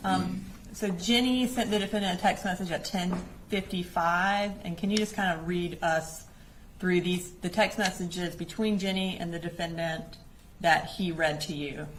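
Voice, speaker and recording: A woman's voice: on the low side, steady tone, moderate pace, a little hiss or hum, low-quality recording. A woman prosecutor in a courtroom, questioning a witness methodically and formally.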